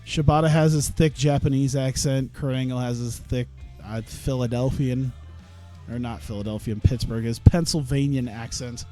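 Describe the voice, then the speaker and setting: A man's voice: medium pitch, steady tone, moderate pace, warm tone, soft background music. Profane, laughing male game streamer. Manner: profane, laughing, rambling commentary. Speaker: streamer playing a wrestling management game. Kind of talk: casual let's-play commentary.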